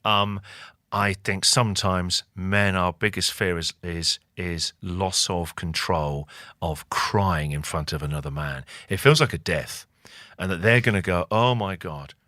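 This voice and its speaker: A man's voice: low voice, measured pace, dry recording, clean studio sound. A man in his forties, a guest talking openly and reflectively in an interview, acting out little voices as he tells stories. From England. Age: 40s. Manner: reflective, animated storyteller who acts out voices. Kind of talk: candid interview conversation.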